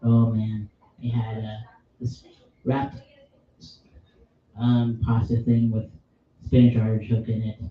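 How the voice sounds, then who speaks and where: A man's voice: on the low side, completely flat delivery, slow pace, long pauses, a little hiss or hum. A man hosting a casual pub podcast, chatting enthusiastically and rambling about movies with a ready laugh. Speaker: podcast host. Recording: echoey room, distant mic, dull sound.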